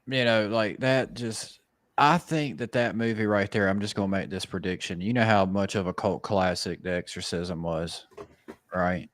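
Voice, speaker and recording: A man's voice: fairly low pitch, moderate pace, no echo. A man in his thirties, a podcast co-host, telling a loose, profane family story in casual chat.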